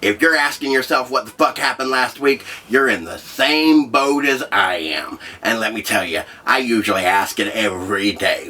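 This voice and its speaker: A man hosting a comedy show, telling a profane story in a brash, loud way. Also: medium pitch, normal speed, hardly any pauses. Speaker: host. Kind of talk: comedic monologue.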